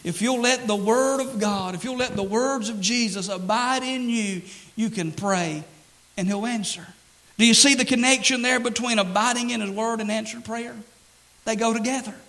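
A man's voice: very high-pitched, moderate pace, a bit bright, low-quality recording. A man preaching a sermon as pastor, earnest and repetitive, quoting scripture and stressing key phrases.

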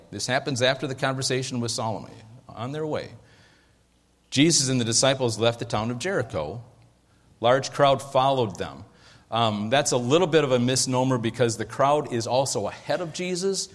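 A man preaching a sermon as pastor, in a conversational way, often checking that his listeners are following. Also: medium pitch. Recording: long hall reverb.

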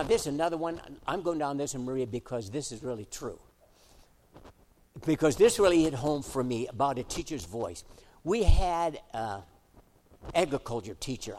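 A middle-aged male pastor preaching a sermon, switching between emphatic exhortation and quiet, chatty storytelling. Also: mid-range voice. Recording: echoey hall reverb.

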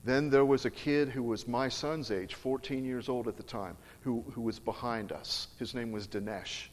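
A man's voice: mid-range voice, moderate pace. A middle-aged man preaching, telling a personal story in an emphatic, earnest way. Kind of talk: storytelling sermon. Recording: long reverb of a large hall.

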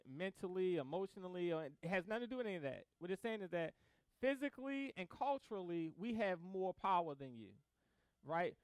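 A man preaching a sermon in a casual, animated way, acting out both sides of conversations and laughing as he tells stories. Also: high voice, clean tone, no room sound. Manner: casual slang-filled delivery with laughter. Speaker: pastor.

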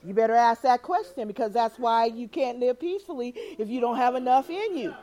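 Woman preacher, high bright pitch, lively, acts out the people she quotes. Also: brisk. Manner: animated, acts out quoted voices, laughs often. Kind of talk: sermon.

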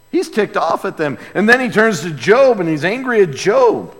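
A man preaching a sermon with a fairly high voice, taking his time over every phrase. He swings from hushed asides to forceful, emphatic bursts. His voice carries a long reverb from a large church hall. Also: big pitch swings, a little slow. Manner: emphatic, swinging between quiet asides and loud outbursts. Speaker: pastor. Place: church sanctuary with a sound booth.

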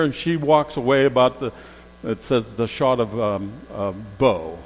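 A man's voice: mid-range voice, unhurried. A man preaching a sermon as a pastor, telling stories and acting out what people said, repeating key phrases for emphasis. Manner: storytelling, acts out quoted voices, rising emphasis on repeated phrases. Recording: long hall reverb.

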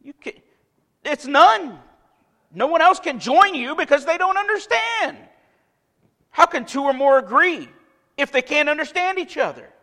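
A man's voice: very high voice, very animated, measured pace, pauses often, sharp tone. A man preaching a sermon as pastor in a church, emphatic, with many rhetorical questions. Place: church sanctuary. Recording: long reverb of a church hall.

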